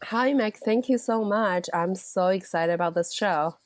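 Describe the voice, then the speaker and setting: Slightly hoarse woman. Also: medium pitch, measured pace, no echo. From China. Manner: chatty, many filler "like"s. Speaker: guest author. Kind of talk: casual interview answers.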